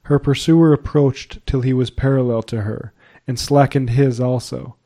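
A man narrating a period novel as an audiobook reader, in a measured, even storytelling manner. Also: mid-range voice.

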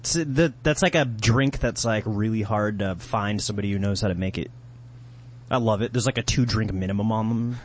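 A man in casual chat among friends, wry and animated when telling a bit. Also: lowish voice, fairly quick.

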